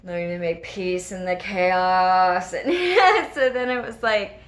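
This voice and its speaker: A woman, a regular host of a spiritual video series, telling a personal story in casual, animated talk and acting out the voices of the people in it. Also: on the low side, unhurried, hardly any pauses. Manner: animated, laughing often, acts out quoted voices.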